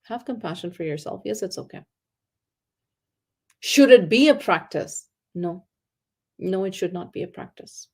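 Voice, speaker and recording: A woman delivers a conference talk on parenting with loud, excitable energy. Her tone is earnest and instructive, in a mid-range voice. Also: mid-range voice, measured pace, long pauses, slightly rough. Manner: animated, self-described loud and excitable; earnest, teaching tone with faith terms. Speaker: parenting speaker.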